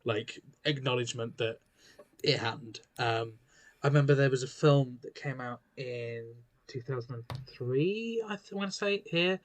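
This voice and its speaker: A man's voice: medium pitch, normal speed. A man as a podcast guest in casual chat, thoughtful and hesitant, often restarting.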